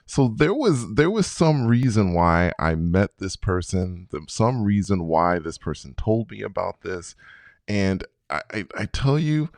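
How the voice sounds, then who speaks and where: A man in his fifties, a podcast guest telling a personal story in an animated way and acting out his own past reactions. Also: fairly low pitch, a little slow, no echo. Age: 50s.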